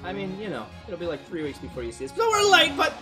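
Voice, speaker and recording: A man co-hosting a video game let's play, goofy and loud, with sudden shouts and swearing. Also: huge pitch swings, fast, over music. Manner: goofy, loud outbursts, swearing, put-on deep voice. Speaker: gameplay co-host.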